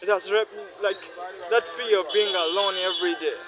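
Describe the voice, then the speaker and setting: A man's voice: high-pitched, steady tone, brisk, over music, a crowd in the background, low-quality recording. A weary young man pouring out his feelings in a heartfelt, repetitive personal vlog monologue. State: weary, worn down. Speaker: vlogger.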